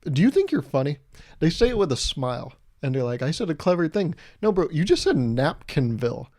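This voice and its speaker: A man's voice: fairly high pitch, sing-song, fairly quick, darkish tone, dry recording, clean studio sound. A man hosting his own podcast, delivering a casual, profane comedic rant with exasperated swings. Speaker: podcast host.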